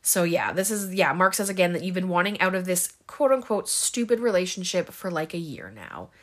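Young woman host, slightly low voice, casual filler-heavy film recap. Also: very animated, brisk. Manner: chatty, many ums and likes, acts out quotes.

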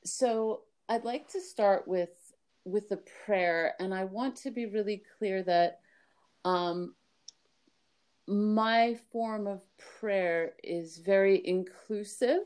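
A woman co-hosting a casual podcast conversation, earnest and quick to laugh. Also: mid-range voice, darkish tone, clear, resonant tone. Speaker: podcast co-host.

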